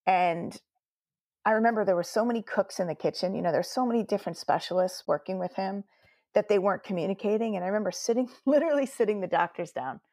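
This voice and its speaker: A woman's voice: mid-range voice, quick pace, a little mellow, no room sound, studio quality. A woman, a nurse telling her story earnestly in an interview, quoting her own words along the way. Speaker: guest nurse.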